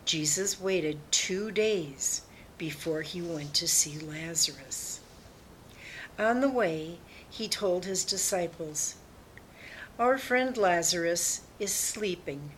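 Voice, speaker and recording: A woman reads a Bible story aloud for children at an unhurried pace. Her voice sits a little low and stays gentle and steady. A faint hum of noise runs underneath the recording. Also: rough recording. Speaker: Bible lesson reader.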